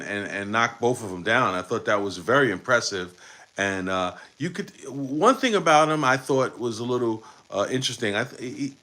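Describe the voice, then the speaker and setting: A man's voice: mid-range voice, a bit bright. A man hosting a live post-game basketball show, talking in a rambling way with many fillers and restarts. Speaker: podcast host.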